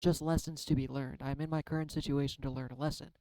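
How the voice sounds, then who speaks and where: A man's voice: mid-range voice, flat delivery, fast, mellow, dry recording, poor audio. A man rambling through a spiritual card reading in a casual, confessional vlog, often self-deprecating. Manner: tearful at times. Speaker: tarot card reader.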